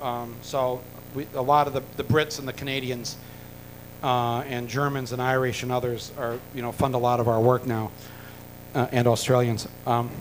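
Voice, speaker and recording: A man's voice: mid-range voice, a little hiss or hum, rough recording. A man from the United States tells a long, rambling story with many fillers and restarts, dropping in wry jokes. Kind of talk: rambling anecdote told to an audience.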